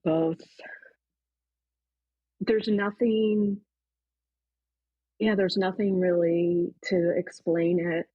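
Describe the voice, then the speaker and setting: A woman's voice: fairly low pitch, very slow, long pauses, breathy edge, no room sound, phone-quality sound. A woman, a podcast guest, earnestly retelling an emotional personal story and voicing her own past thoughts. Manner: earnest, animated retelling with quoted inner thoughts.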